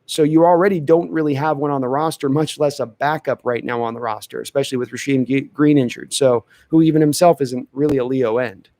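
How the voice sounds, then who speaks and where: A man's voice: medium pitch, fairly even intonation, fairly quick, few pauses, mellow, dry recording. Chatty man hosting a live sports chat. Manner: chatty, thinks aloud with restarts. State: dry throat. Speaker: podcast host answering chat questions. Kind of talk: casual live-stream chat.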